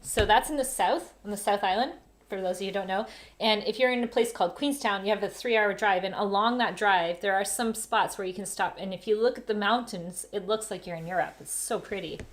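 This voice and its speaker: A woman hosting a casual family livestream from home, telling travel stories in a chatty, lively way. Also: mid-range voice, a little fast. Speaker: family travel channel host, mother. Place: home during lockdown.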